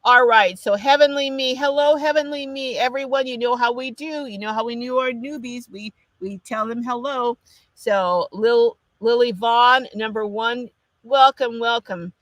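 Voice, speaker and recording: A woman's voice: fairly high pitch, moderate pace, dry recording. Chatty, apologetic woman hosting a livestream. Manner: chatty and apologetic, with frequent restarts. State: runny nose. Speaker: livestream host. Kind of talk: casual livestream chat reading viewer comments.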